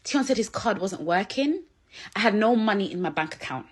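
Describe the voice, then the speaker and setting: A woman in an emotional Instagram rant, crying, shouting and swearing accusations. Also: mid-range voice, expressive, a little fast, husky. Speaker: person in an online dispute.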